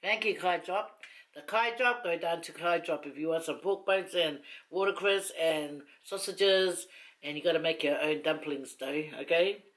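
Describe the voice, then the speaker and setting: In a low voice and at a moderate pace, a mukbang vlogger tells stories to the camera from a long chair at home. She's middle-aged with a Samoan accent, and her delivery is rambling and teasing, broken up by frequent laughs.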